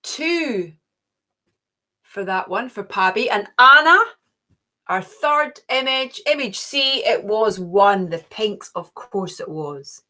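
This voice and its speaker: A woman's voice: medium pitch, lively intonation, slow pace, bright, forceful tone. A middle-aged woman hosting an online quiz, chatty and cheerful, gushing with little oohs. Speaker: quiz host.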